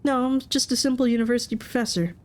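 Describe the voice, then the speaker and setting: A woman's voice: on the high side, quick pace, voice pushed up, lightly acted. A woman voicing a polite, nervous male university professor who stumbles over his words. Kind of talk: game voice acting.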